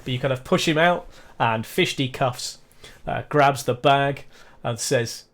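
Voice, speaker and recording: A man running a tabletop game on a live stream. He talks at an easy, ordinary pitch, with many fillers and restarts. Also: a bit bright. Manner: casual, halting with fillers and restarts. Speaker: game master.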